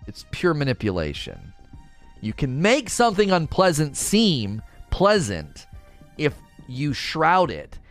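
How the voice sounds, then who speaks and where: A young man streaming, ranting indignantly in a casual, animated way, sometimes mocking others in quoted voices. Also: on the high side, slow, soft background music. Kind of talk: casual livestream rant.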